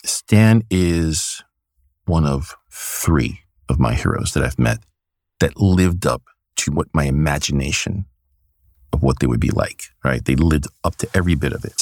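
A man talking as an interview guest, telling stories in an animated way and laughing often, on a close studio mic. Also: very deep voice, measured pace, slightly rough, no room sound. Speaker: guest, comics creator. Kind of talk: casual interview storytelling.

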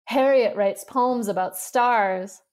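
A woman reading aloud, voicing a teasing young boy who mocks his playmate, in a loud, drawn-out way. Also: mid-range voice, gravelly. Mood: mocking. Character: giggling mocking young boy.

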